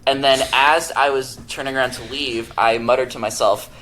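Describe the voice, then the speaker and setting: A man's voice: medium pitch, steady tone, moderate pace, pushed and bright, slight background noise. A young man, a podcast producer, telling stories casually and acting out the quotes as he goes, laughing often. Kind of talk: casual storytelling.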